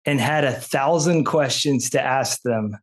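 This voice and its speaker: A man's voice: mid-range voice, measured pace. A man hosting a podcast who asks his questions casually, often repeating words and restarting his sentences. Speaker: podcast host.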